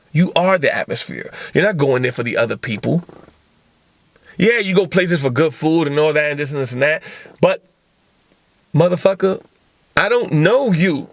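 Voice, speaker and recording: A man's voice: high-pitched, fairly bright tone, no echo, studio quality. A man hosting a motivational talk show, lecturing in blunt, profane casual speech full of rhetorical questions.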